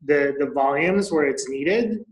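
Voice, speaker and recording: A man, a network marketing leader, co-teaching a business strategy in a halting, explanatory way. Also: on the high side, echoey room, rough recording.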